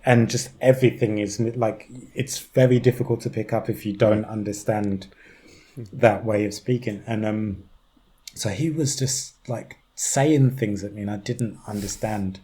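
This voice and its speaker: A young man with a London accent tells a story on a podcast in a low, mellow voice. He speaks in an animated way, laughing often and slipping into the voices of the people he describes. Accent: London English. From East London, England. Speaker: podcast guest. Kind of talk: conversational storytelling.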